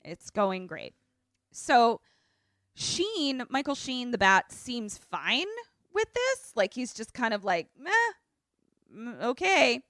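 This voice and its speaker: A woman's voice: on the high side, slow, no room sound, studio quality. A woman podcast co-host recapping a movie in casual chat, swearing freely and acting out the characters' lines. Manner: animated storytelling, swears freely, acts out quotes.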